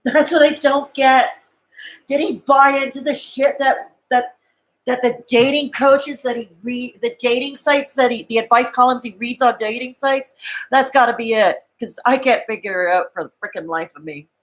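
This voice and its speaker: Speaking at a moderate pace in a slightly high voice, a woman addresses her live-stream chat on a low-quality recording. The monologue is emotional and rambling; she sounds distraught, tears up at times, and laughs bitterly between thoughts.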